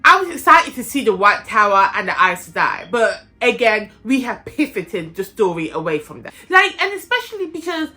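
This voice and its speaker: A young woman chatting in a casual book vlog, animated, opinionated and playfully dramatic. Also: on the high side, moderate pace, hardly any pauses, soft background music. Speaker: book vlogger. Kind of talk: casual reading-update vlog.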